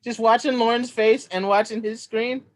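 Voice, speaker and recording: A woman's voice: on the high side, steady tone, normal speed. A woman chatting on a video call, enthusiastic and laughing often. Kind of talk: casual video call chat.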